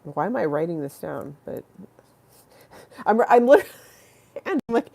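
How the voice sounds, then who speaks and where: A young woman with a low, gravelly voice chats casually to her livestream viewers. She rambles with lots of fillers and restarts, and her tone stays affectionate. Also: sing-song, normal speed, long pauses, warm tone. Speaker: livestream host.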